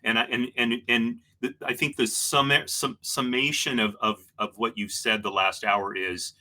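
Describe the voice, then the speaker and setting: A man's voice: medium pitch, little pitch movement, moderate pace, sharp tone. A man hosting an interview show, talking in a rambling, hesitant way and restarting often. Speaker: show host. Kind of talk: casual interview chat.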